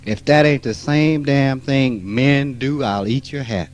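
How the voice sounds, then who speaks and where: A man, giving a spiritual talk in a blunt, profane, emphatic way that swings from quiet asides to loud outbursts. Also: mid-range voice, a little slow, over music, low-quality recording. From rural Mississippi. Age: 50s. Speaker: spiritual teacher. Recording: archival 1989 talk recording.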